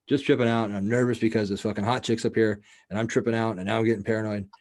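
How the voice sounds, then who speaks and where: The man hosting the show talks in rapid-fire bursts, his lowish, slightly mellow voice barely changing pitch. His casual story rambles loosely, full of profanity and fillers.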